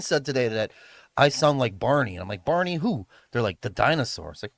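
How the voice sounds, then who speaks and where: A man's voice: medium pitch, big pitch swings, fairly quick, no echo, clean studio sound. A man chatting casually on a livestream from his room at home, rambling, swearing and laughing often. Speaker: livestreamer and event host. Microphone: streaming mic.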